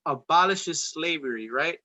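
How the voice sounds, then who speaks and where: A man's voice: fairly high pitch, expressive, unhurried, bright, forceful tone, low-quality recording. A man hosting a casual talk show, rambling and profane, with streetwise slang. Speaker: podcast host. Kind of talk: casual political debate chat.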